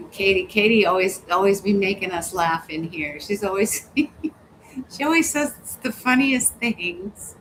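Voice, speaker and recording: A woman's voice: medium pitch, takes it slowly, pauses often, slight background noise, rough recording. A woman hosting a casual livestream, reading viewer comments aloud, laughing often and cussing freely. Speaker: livestream host. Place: home, hot weather.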